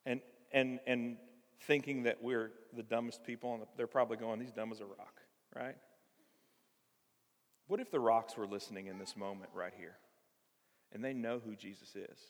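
Male pastor, mid-pitched, lively sermon delivery with acted-out lines, long hall reverb. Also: moderate pace. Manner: animated, acts out voices of the text.

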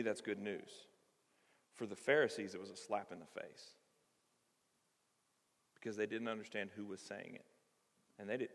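A man preaching a sermon, animated, acting out the voices of the passage as he teaches. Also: on the low side. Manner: animated, acts out voices of the text. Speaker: pastor. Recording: reverberant hall.

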